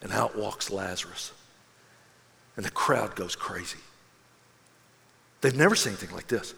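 A man preaching a sermon as an animated storyteller, acting out the voices in his story and dropping to a hush for solemn moments. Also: on the low side, measured pace, gravelly, big-room sound. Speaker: pastor.

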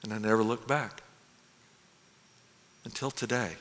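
A man's voice: fairly low pitch, fairly even intonation, measured pace, fairly bright tone. Earnest man in an echoing hall. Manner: earnest and confessional, with stammered restarts. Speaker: dramatic monologue performer. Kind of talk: first-person dramatic sermon monologue. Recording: echoey hall.

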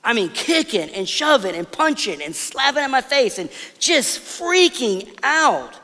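A man preaching a sermon, telling family stories in a casual, conversational way before dropping to soft, emphatic pauses. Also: very high voice, very animated, long reverb tail. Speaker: pastor.

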